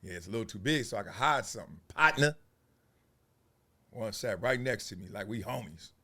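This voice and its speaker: Animated man telling a street story. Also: fairly low pitch, fairly quick. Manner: animated, acts out scenes with laughs; casual street slang. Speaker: host.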